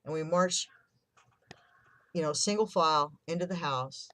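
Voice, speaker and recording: 50-something vlogger telling their own rough childhood story, emotional, swears a bit, mid voice, dry close sound. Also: medium pitch, unhurried, a bit bright, no echo. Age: 50s. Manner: candid and emotional, swears, acts out remembered quotes. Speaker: vlogger sharing a personal story. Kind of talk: personal storytelling.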